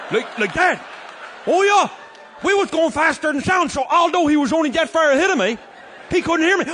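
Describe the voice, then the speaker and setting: A high-voiced man with a thick Newfoundland accent spins a rollicking comic yarn on stage, his pitch leaping all over the place. His tone is bright and sharp, and he shouts and laughs through the telling. Faint room noise sits behind him. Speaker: storyteller. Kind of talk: comic tall-tale monologue on a live album.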